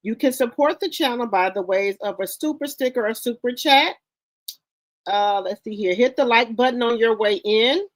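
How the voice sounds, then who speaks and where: Speaking at a moderate pace with a fairly high pitch, a livestream host welcomes her viewers by name. Her chat is casual, informal, and repetitive, with features.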